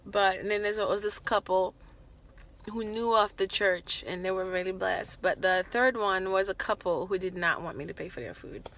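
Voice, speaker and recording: A young woman talks to camera in a casual vlog. She tells her story in an animated, exclamatory way. Her tone is bright and sharp, and her pitch sits in the middle. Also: normal speed. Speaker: vlogger.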